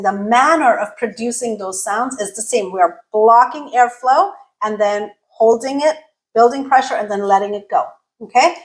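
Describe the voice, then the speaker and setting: A woman giving a video lesson on English pronunciation, explaining clearly and deliberately and demonstrating sounds slowly. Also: fairly high pitch, poor audio.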